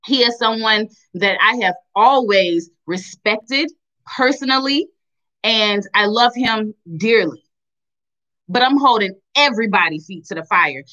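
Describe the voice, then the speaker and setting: A woman's voice: on the high side, bright, forceful tone, muffled recording. A young woman from Tennessee giving impassioned commentary, emphatic and repeating phrases for stress. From Chattanooga, Tennessee. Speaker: vlogger.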